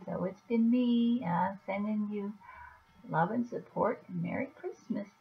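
A woman talking softly and gently to a viewer in a personal video message, reassuring, with halting pauses. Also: mid-range voice, gravelly. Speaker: vlogger. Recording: dull lo-fi recording.

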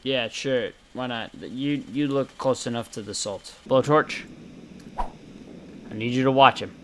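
A man's voice: mid-range voice, slow pace. Sweary young man muttering over gameplay. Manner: chaotic and sweary, muttering asides with sudden loud outbursts. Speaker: gameplay commentator. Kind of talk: casual gameplay commentary.

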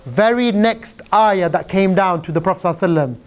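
A man preaching a sermon, retelling stories in a lively, informal way and speaking directly to his audience. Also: sits high, fast talker. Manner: lively storyteller who acts out quotes in a softer voice.

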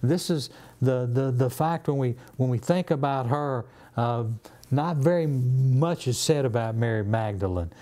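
A man with a Southern US accent, a pastor leading a Bible study in a church, animated and acting out the scripture he quotes. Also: unhurried. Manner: animated, acts out scripture quotes with rising pitch.

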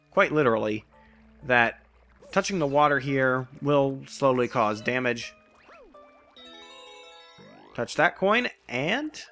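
Bright and forceful at a medium pitch, this man talks through his gameplay as a let's play host. His narration is rambling and casual, full of self-corrections and pun jokes.

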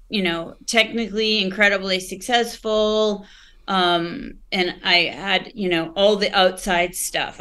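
A woman's voice: mid-range voice, bright, forceful tone, clean tone. A woman, a podcast guest, telling her personal story candidly and reflectively, often searching for words and restarting.

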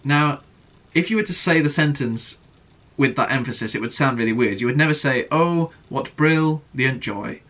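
A man's voice: mid-range voice, fairly quick, fairly bright tone. A young man in a casual vlog Q&A, earnestly answering viewer questions about writing worship songs. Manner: earnest, sings example lines himself.

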